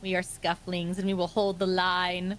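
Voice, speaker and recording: A woman's voice: on the low side, completely flat delivery, normal speed, a little hiss or hum. A woman streamer chatting casually and playfully while she plays a game with a friend, often cooing at the game's mascot. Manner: playful, giggly, talks to the game's mascot in a sing-song voice. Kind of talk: casual gaming chat.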